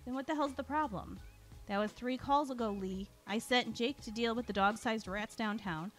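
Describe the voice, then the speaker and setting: A woman reading a story aloud as its storyteller, giving the characters lively voices and often clearing her throat. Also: on the high side, moderate pace, soft background music.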